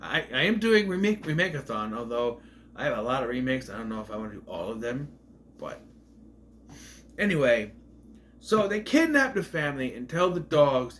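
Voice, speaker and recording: A man's voice: mid-range voice, expressive, moderate pace, fairly bright tone, a little hiss or hum. A man casually reviewing a movie on video, rambling off on tangents.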